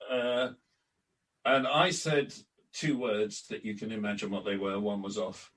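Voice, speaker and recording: An older man, formerly a club announcer and editor, is a guest on a relaxed podcast interview, telling long anecdotes at a measured pace. He acts out old conversations and restarts his sentences often. He sits a little back from the mic, so his lowish voice sounds distant.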